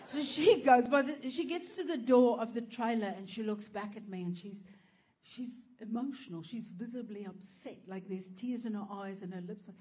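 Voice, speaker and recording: A woman's voice: a little high, normal speed, slightly rough. A woman telling a stand-up comedy story in a crude, profane, self-mocking way. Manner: lively, animated delivery.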